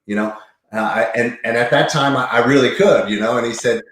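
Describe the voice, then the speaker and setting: A man's voice: mid-range voice, fairly quick, a bit bright, roomy sound, slight background noise. A man in his fifties, a chiropractor, talking earnestly and enthusiastically as an interview guest, often restarting his sentences. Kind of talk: casual interview talk.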